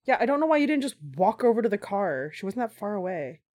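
A woman's voice: medium pitch, sing-song, quick pace, warm tone. Laid-back young woman, trailing off. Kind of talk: casual movie reaction chat.

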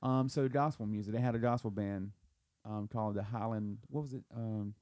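A man's voice: lowish voice, fairly even intonation, fairly quick, a little mellow, dry recording, clean studio sound. A man from the American South co-hosting a podcast, telling a family story in a rambling way with restarts and laughs. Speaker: podcast co-host. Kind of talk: casual chat.

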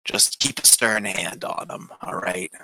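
A man playing a wrinkled old vampire in a tabletop role-play, formal and polite. His voice is low and bright. It is recorded dry, with the mic close. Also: steady tone, unhurried, dry recording, heavily acted, low-quality recording. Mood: courteous. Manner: formal and courteous. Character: ancient male vampire, wrinkled and courteous.

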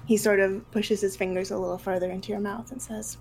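A woman narrating as game master of a tabletop role-play, relaxed and quick to laugh. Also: mid-range voice, creaky, a little hiss or hum, rough recording.

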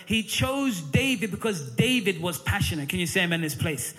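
A man preaching a fervent sermon in church, calling for amens and pausing often with "uh" fillers. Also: high voice, very animated, fairly bright tone, faint music behind. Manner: fervent preaching, calls for amen; frequent "uh" fillers between phrases.

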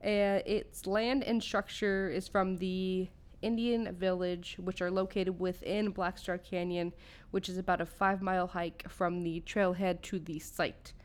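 A woman's voice: lowish voice, little pitch movement, measured pace, clear, resonant tone. A young woman from California co-hosting a podcast, casually telling a ghost story, swearing freely and tripping over names. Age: young adult. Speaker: podcast co-host.

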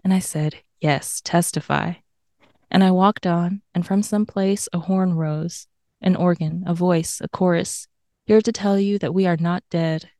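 A woman with a lowish, mellow, warm voice reads a poem aloud in a measured, rhythmic way. The sound is close and dry. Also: fairly even intonation, no room sound. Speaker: podcast co-host. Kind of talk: reading a bio and a poem aloud.

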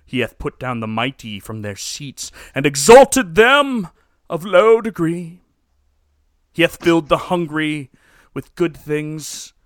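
A man voicing a solemn young woman who recites a psalm slowly and gravely in old-fashioned English. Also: on the high side, fairly bright tone, no echo, studio quality.

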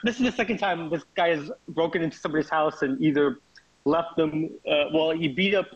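A man's voice: on the high side, fairly quick, husky, dry recording. A man talking wrestling on a podcast in casual chat, rambling and emphatic, sometimes laughing mid-sentence. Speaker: co-host wrestling pundit. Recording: dull lo-fi dry recording.

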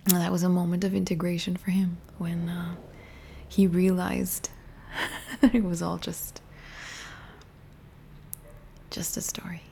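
A young woman talks quietly to her viewers, her lowish voice carrying a soft vocal fry. She often sinks into a near-whisper, gentle and intimate, looping back over half-finished phrases as she reflects, with a faint hiss of background noise beneath. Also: flat delivery, slow pace, long pauses. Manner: gentle, intimate, rambling with many restarts. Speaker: spiritual healing teacher.

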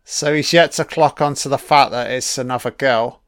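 A man's voice: medium pitch, moderate pace, fairly bright tone, no room sound, clean studio sound. A man giving casual, sarcastic film commentary, swearing constantly and mocking what is on screen. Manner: sarcastic, heavily profane, mocking.

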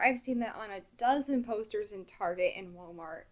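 A woman's voice: medium pitch, normal speed, hardly any pauses. A woman co-hosting a podcast, chatting in an emotional, effusive way. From Wisconsin. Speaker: podcast co-host. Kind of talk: casual chat.

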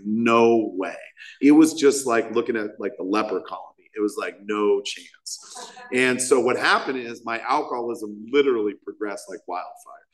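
A man's voice: mid-range voice, fairly bright tone, rough recording. A man speaking at a recovery meeting, telling a rambling, self-mocking personal story to a group. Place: meeting hall.

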